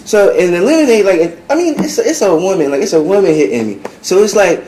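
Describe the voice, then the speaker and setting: A man with a high-pitched voice rushes through his account, acting out each line he quotes and piling on fillers as he goes. He sounds as if he is in an echoey room. A faint background noise hums underneath. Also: sing-song, dark tone. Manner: acts out quoted dialogue, rambling with many fillers. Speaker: client preparing testimony. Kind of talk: animated storytelling.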